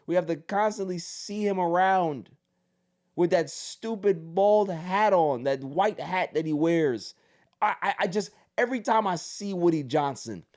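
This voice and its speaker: A man's voice: high voice, a little mellow. A man hosting a podcast, ranting emphatically about his team with sardonic humor in casual commentary. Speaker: podcast host.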